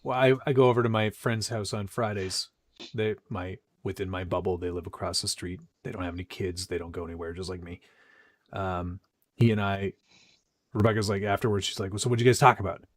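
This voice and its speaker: A man's voice: sits low, little pitch movement, fairly quick, no room sound. A man co-hosting a live stream, chatting casually, teasing his co-host and reading viewer comments aloud. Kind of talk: casual chat.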